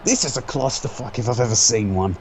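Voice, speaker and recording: A man's voice: mid-range voice, a little fast, a little mellow, slight background noise. A man doing joking, casual play-by-play commentary, sarcastic and swearing freely.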